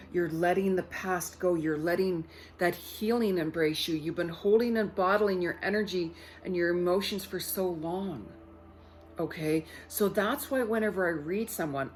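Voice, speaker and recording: A woman's voice: on the low side, darkish tone. A woman psychic medium giving a casual card reading to her viewers, chatty and loose, full of "like" and "you know", often repeating her words.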